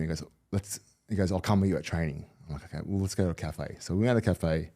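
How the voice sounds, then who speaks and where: A man's voice: low voice, fast, dark tone. A middle-aged man, a retired rugby league player telling candid, rambling stories as a podcast guest. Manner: candid, rambling with many restarts. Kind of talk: casual storytelling interview.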